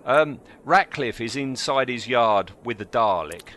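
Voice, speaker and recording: A man's voice: medium pitch, animated, unhurried, a bit bright, a little hiss or hum. A man co-hosting a podcast, chatting casually, asking questions and laughing along. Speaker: podcast co-host. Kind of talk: casual chat.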